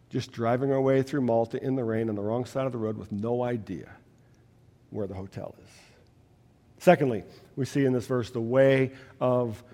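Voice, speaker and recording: A man's voice: medium pitch, a little mellow. A man preaching a sermon, telling stories with emphatic, rising delivery. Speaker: pastor. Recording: long hall reverb.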